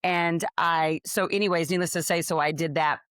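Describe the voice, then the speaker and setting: Lowish and fairly even in intonation, this co-host's voice is a bit bright and clean at a normal speed. She tells a lively story on a podcast, casually voicing the other people's lines. The recording is dry and studio quality.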